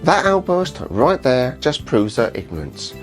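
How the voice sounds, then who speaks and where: A man's voice: mid-range voice, very animated, a little slow, soft background music. A British man hosting a reaction commentary, blunt and mocking in tone. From United Kingdom. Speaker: host.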